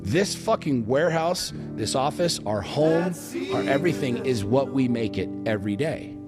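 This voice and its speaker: A man's voice: medium pitch, expressive, normal speed. A man giving blunt, profane, commanding relationship advice. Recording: loud music behind.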